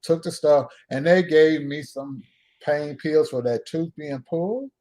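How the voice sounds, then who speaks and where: Guy on his live stream rambling thru a story, kinda high voice, laughing at himself. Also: unhurried, dark tone. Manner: rambling, self-mocking, acts out dialogue. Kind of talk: casual storytelling. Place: home.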